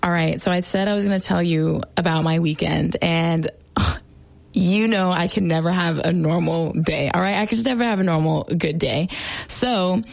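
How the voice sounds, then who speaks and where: A young woman hosting a radio show, chatting excitedly about her weekend in a casual, storytelling way. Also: lowish voice, normal speed, vocal fry. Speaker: radio host.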